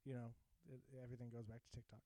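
Mellow-voiced man in casual podcast chat. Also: medium pitch, little pitch movement, dry recording, poor audio. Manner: rambling, halting, reads out results. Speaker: podcast co-host.

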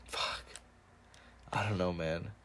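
Casting: young male podcast co-host, low voice, laid-back, swears a lot. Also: steady tone, takes it slowly, fairly bright tone, a little hiss or hum. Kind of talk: casual chat.

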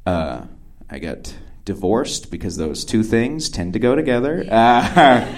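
A young man telling a self-deprecating story on stage. His pitch jumps all over the place as he acts out his own thoughts. He stumbles into restarts and fillers, then barrels on. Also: lively intonation, measured pace. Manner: acts out quotes of himself. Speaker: stand-up comedian. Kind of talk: stand-up storytelling.

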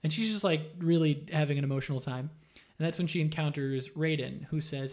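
A man's voice: a little high, brisk. A man casually retelling a video game story in a loose, profane way, acting out the characters' lines. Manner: animated, profane storytelling with acted-out quotes.

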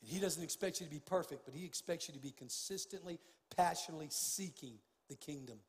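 An older man delivers a heated sermon from the pulpit, his voice pitched high for a man. He swings between quiet, intimate stretches and loud, pressing outbursts. The long reverb of a large church sanctuary trails after his words. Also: quick pace. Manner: impassioned, swings from hushed to loud. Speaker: pastor.

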